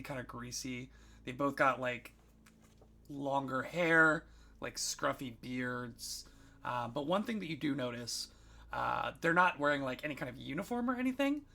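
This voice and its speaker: Gravelly, bright-voiced male game master. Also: mid-range voice. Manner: casual, filler-heavy narration. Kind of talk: narrating a tabletop game.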